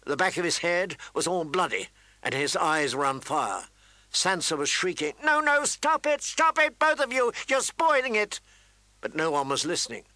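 A man reading a fantasy novel aloud in steady, dramatic storytelling narration. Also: on the high side, no echo. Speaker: audiobook narrator. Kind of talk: scripted narration.

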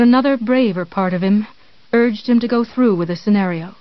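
A woman narrating a thriller novel in a measured, tense storytelling manner with dramatic pauses. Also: medium pitch, dry recording. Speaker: audiobook narrator. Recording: dull, dry studio read.

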